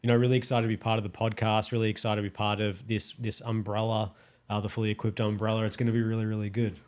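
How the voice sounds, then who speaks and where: A man with a broad Australian accent talks with easy enthusiasm, tossing in a friendly "mate" now and then. His voice sits a little low, and he speaks in a relaxed podcast manner, as if chatting across a studio table. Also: fast talker. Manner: enthusiastic, joking, says mate. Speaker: podcast co-host. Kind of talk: casual podcast chat. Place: in-person studio.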